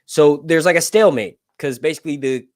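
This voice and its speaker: A man's voice: fairly high pitch, brisk, dry recording, studio quality. A man hosting a casual livestream Q&A, rambling through fantasy lore and swearing casually. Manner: rambling, swears casually, asks "right?" often. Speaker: host of a livestream Q&A.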